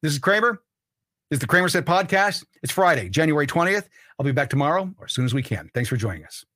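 Brief: male podcast host, emphatic and preachy, bright and forceful tone, a bit high, dry close sound. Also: big pitch swings, fast, no echo. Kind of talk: political commentary monologue.

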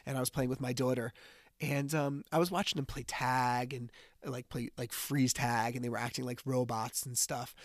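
A man's voice: mid-range voice, fairly even intonation, moderate pace, no room sound, clean studio sound. A man hosting a podcast, telling personal stories in a chatty, casual way with lots of fillers. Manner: chatty storytelling with many fillers. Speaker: podcast host.

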